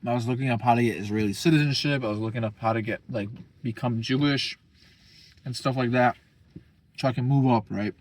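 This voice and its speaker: A man's voice: medium pitch, a little fast. A young man talking casually as a vlogger, rambling and profane, full of slang. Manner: slangy, profane, rambling, keeps saying bro.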